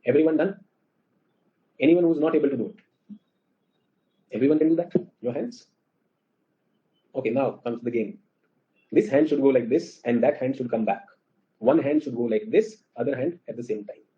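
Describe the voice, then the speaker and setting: A man with an Indian English accent teaching a class, lively and often asking the students questions. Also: mid-range voice, moderate pace, long pauses, dull audio. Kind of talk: classroom lecture.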